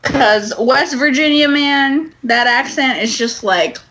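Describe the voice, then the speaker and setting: A woman's voice: high voice, takes it slowly, bright, forceful tone, lo-fi sound. Blunt, giggly woman with a raised voice. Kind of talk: casual chat.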